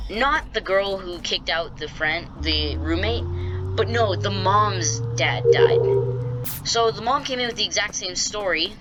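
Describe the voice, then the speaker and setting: A woman's voice: mid-range voice, highs cut off, noisy background. A woman telling a storytime vlog in a chatty, rambling way with many restarts. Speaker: vlogger.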